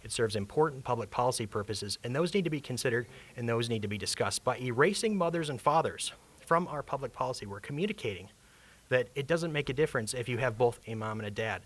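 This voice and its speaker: Fast-talking man at a press conference. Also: mid-range voice, animated. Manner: firm, emphatic, building to forceful points. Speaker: executive director of an advocacy group.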